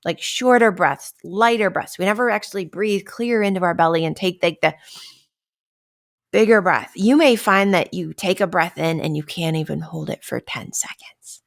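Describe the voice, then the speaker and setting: A podcast host speaks in a fairly low-pitched voice at normal speed, keeping her wellness talk casual and conversational. She acts out daily stresses and frequently checks in with "right?"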